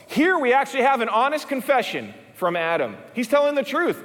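A male pastor preaching a sermon, dropping to hushed low emphasis and then rising high and excited when he reads dialogue aloud. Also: fairly quick, hardly any pauses. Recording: reverberant church hall.

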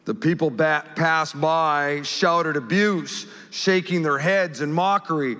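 Bright-voiced pastor preaching in a reverberant hall. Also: male voice, fairly high pitch, faint music behind. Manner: emphatic, rising loud for quoted scripture, then dropping soft and slow. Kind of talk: sermon.

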